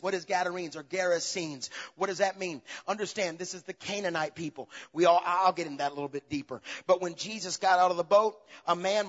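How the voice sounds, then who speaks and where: A man preaching a sermon as pastor, swinging between loud, animated passages and low, quiet asides. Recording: dull, long reverb of a large hall.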